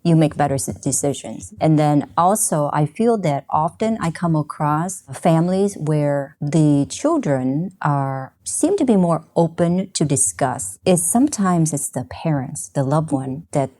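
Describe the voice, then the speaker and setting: A woman podcast host with a low, mellow voice. She talks with her guest in a supportive, reflective way. Her tone stays soft and unhurried. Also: expressive. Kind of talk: interview conversation.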